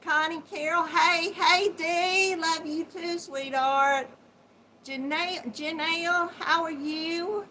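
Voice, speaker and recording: A woman's voice: very high voice, fairly even intonation, slight background noise, low-quality recording. A woman with a Southern Georgia accent, hosting a casual livestream and greeting viewers as hon and sweetheart, laughing often. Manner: warm folksy greetings with terms like hon and sweetheart; slow, chatty, laughs often. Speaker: host of a yarn chat livestream. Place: home, seated at a computer. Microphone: built-in laptop microphone.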